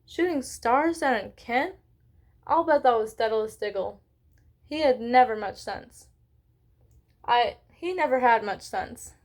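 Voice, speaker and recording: Stern, clipped older professor, a touch high-pitched, exasperated, as a woman reader puts her on. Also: unhurried, long pauses. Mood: impatient.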